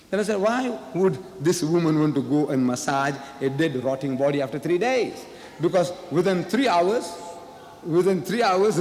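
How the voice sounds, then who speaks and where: A man's voice: a little high, a little mellow. A man debating in a public speech, making his points with emphatic repeated rhetorical questions. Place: large lecture hall. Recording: echoey hall, faint ambience.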